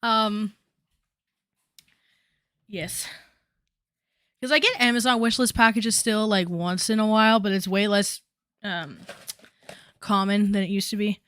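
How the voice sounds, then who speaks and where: A woman's voice: mid-range voice, a little slow, pauses often, fairly bright tone, clean tone, no echo, clean studio sound. A young woman chatting casually on a commentary stream, rambling with many fillers and asides.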